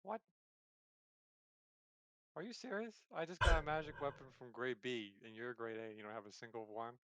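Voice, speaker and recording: A man playing a tabletop game, talking in character in a quiet, hesitant, casual way. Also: mid-range voice, moderate pace, no room sound. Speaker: player.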